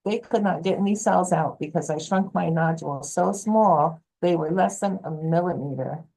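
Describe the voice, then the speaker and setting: A woman health coach speaks as an interview guest, her voice mellow and a bit low. She tells her stories with animation, acting out what others said, and gives practical advice in an easygoing way. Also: moderate pace, vocal fry, rough recording. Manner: animated, acts out quoted voices. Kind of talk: storytelling interview answer.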